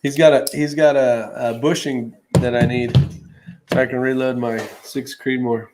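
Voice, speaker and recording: A man's voice: medium pitch, flat delivery, moderate pace, very noisy. A man hosting a casual live stream, welcoming guests and reading chat comments aloud.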